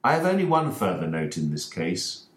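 A man narrating a story aloud in a slow, deliberate reading style. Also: low voice, wildly swooping pitch. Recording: roomy echoing recording.

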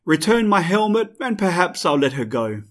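A man's voice: sits high, sing-song, normal speed, pitched above the performer's own voice. A man voicing a towering, wrathful male god of the dead who speaks in an imperious, scornful way.

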